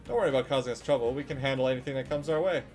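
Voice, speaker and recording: A man voicing an earnest young male teammate in a video game, calmly persuading a friend to stay. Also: medium pitch, very fast, soft background music, close to an everyday voice.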